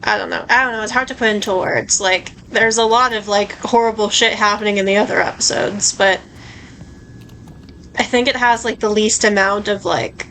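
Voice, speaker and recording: A woman's voice: mid-range voice, fairly even intonation, normal speed, fairly bright tone, slight background noise, poor audio. A woman streamer chatting casually over a game, rambling with lots of filler words. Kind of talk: casual let's-play commentary.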